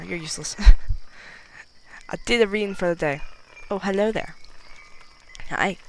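A gameplay commentator gives casual let's-play commentary, chatty and giggly, mocking themself and getting nervous as danger nears. The voice is mid-range and creaky. The recording is rough, with slight background noise.

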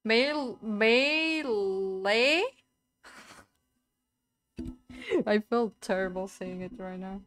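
A woman's voice: medium pitch, slow. A young woman streaming a video game, chatting casually with her viewers, playful and giggling at her own wordplay. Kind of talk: casual live-stream chat while gaming.

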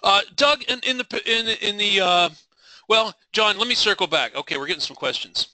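A man's voice: sits high, expressive, moderate pace, sharp tone, no echo, low-quality recording. A middle-aged man leading a live trading webinar, passionate and driven, rambling with frequent restarts and apologies.

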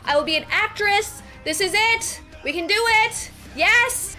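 A woman's voice: extremely high pitch, unhurried, few pauses, pushed and bright. A woman streamer chatting casually to her viewers, cursing and often breaking into laughter. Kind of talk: casual livestream chat. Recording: music playing in background.

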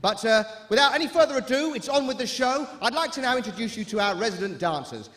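A man's voice: extremely high pitch, animated, quick pace, fairly bright tone. A man performing a brash compere's music-hall patter on stage. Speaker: stage actor playing a club compere. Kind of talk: live stage comedy performance.

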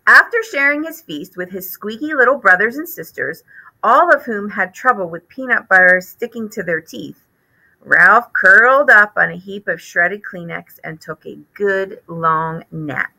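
A woman teacher reading a children's chapter book aloud in an expressive, animated way. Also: medium pitch, unhurried, vocal fry, poor audio.

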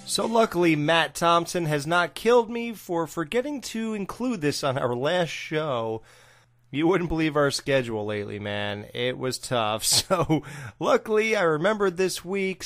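A man's voice: fairly high pitch, lively intonation, normal speed, fairly bright tone. Laid-back man rambling through an episode recap. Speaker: podcast co-host.

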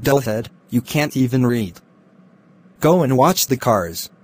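A man doing a wealthy, secretly wicked uncle in a Christian cartoon. The voice is husky and sits at an ordinary male pitch. He talks in a bossy, scornful way. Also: expressive, takes it slowly. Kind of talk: Christian animation voice acting.

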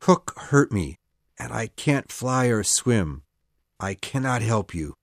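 Woman doing young boy, desperate, urgent pleading, deep for a child, dry close sound, storybook. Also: expressive, moderate pace, dry recording, full character voice. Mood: despairing.

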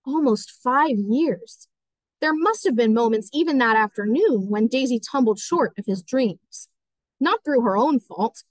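A woman teacher reading a novel aloud as audiobook narration, steady and clear. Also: fairly high pitch, no echo, low-quality recording.

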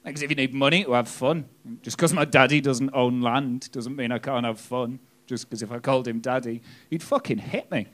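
A man's voice: mid-range voice, brisk, hardly any pauses, fairly bright tone. A man from northeast England with a Hartlepool accent, doing a cheeky, sweary live stand-up set and tagging jokes with "right?". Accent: northern English, Hartlepool. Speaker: stand-up comedian. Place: comedy club stage.

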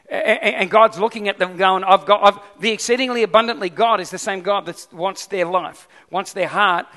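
A man preaching a sermon as pastor, lively and often putting questions to the congregation. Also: high voice. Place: church hall. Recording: long hall reverb.

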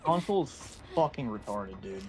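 Male gamer friend, lively swinging pitch, annoyed, curses a lot. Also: moderate pace. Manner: frustrated, swearing at the game. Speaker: friend playing along on voice chat. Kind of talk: casual gaming chat.

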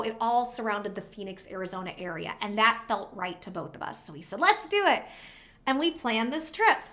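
A chatty woman vlogger talks straight to her viewers, rambling through a personal story and getting emotional along the way. Her voice sits high and sounds bright. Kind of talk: casual storytime vlog.

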